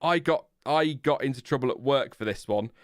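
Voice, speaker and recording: A man from Lincolnshire with a Lincolnshire English accent, hosting a live stream in casual chat, self-mocking and quick to laugh. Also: mid-range voice, smooth, no room sound, clean studio sound. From Lincolnshire, England. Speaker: livestream host.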